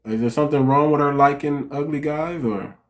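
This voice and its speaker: A man's voice: fairly high pitch, brisk. Blunt, direct man hosting a livestream. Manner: direct, repetitive, restarts sentences. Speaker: relationship coach and livestream host. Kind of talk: casual livestream talk.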